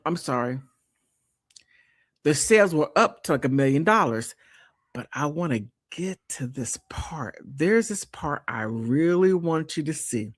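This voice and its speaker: A woman hosting a live stream, chatting casually and reading from an old article, often exclaiming and restarting her sentences. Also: sits low.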